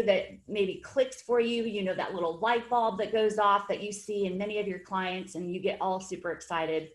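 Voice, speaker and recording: A woman hosting a webinar for fitness trainers, with an upbeat, encouraging, conversational manner. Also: medium pitch. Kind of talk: webinar presentation.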